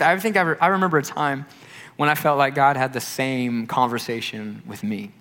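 A man's voice: mid-range voice, a little fast, a bit bright. A man preaching a sermon as a pastor, in a conversational storytelling manner that acts out quotes. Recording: long hall reverb.

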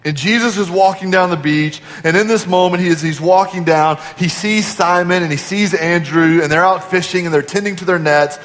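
High-voiced preacher in a reverberant hall. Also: male voice, moderate pace, few pauses. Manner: preaching with rhetorical questions, dropping to quiet emphasis. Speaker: pastor. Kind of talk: sermon.

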